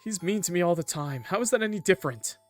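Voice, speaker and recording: A man voicing a volatile, defensive teenage girl in a story game, speaking in a shrill, indignant way that sounds close to tears. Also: expressive, fast talker, faint music behind.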